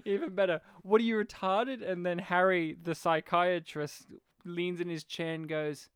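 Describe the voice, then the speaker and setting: This podcast co-host reviews a film in a relaxed chat, his high-pitched voice clear and resonant at a moderate pace. He's animated and foul-mouthed, performing quotes from the movie as he goes.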